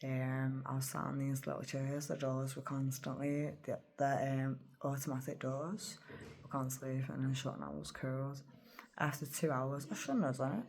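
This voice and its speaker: A woman's voice: rumbling low, fairly even intonation, normal speed, a little mellow. A woman telling a personal story in a rambling, emotional vlog, often dropping to a whisper. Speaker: vlogger.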